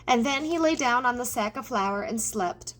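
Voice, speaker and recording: Woman reading a kids book out loud, expressive, kinda high voice. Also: moderate pace. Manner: expressive, addressing the reader. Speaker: audiobook reader. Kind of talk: storybook narration.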